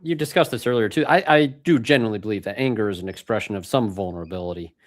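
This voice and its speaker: A man's voice: on the low side, fast talker. A middle-aged man hosting a casual podcast chat, reflective and laughing easily.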